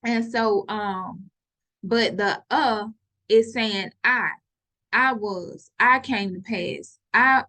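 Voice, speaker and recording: A woman teaching a scripture study over her screen, slowly reading out word definitions with many pauses and fillers, and growing insistent when she preaches. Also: medium pitch, bright, forceful tone. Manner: slow, reads definitions aloud, many fillers. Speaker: religious teacher.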